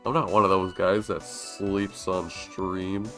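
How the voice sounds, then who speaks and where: A man's voice: sits low, level tone, slow pace, fairly bright tone, faint music behind. Drowsy yawning young male streamer. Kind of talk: casual gaming stream commentary.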